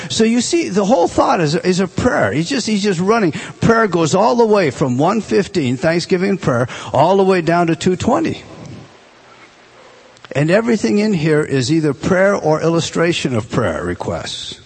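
A man teaching a Bible class, emphatic and animated, restarting phrases often as he explains a text. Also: high-pitched, moderate pace, creaky, breathy edge.

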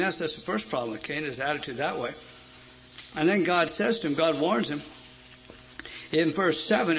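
A man preaching a sermon, emphatic, asking his listeners questions and swinging between loud stresses and quiet asides. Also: on the high side, rough recording. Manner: emphatic, asks the audience questions.

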